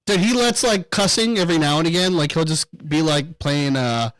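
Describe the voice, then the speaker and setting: A man hosting a podcast in casual chat, excitable, laughing often and swearing a lot. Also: on the high side, a little fast, no room sound, rough recording. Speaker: podcast host.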